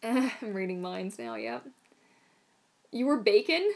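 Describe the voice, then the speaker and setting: A woman's voice: fairly high pitch, sing-song, measured pace. A woman casually answering viewer questions on a live stream, chatty and rambling, unwell with throat trouble. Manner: chatty, rambling, soothing her dog in whispers.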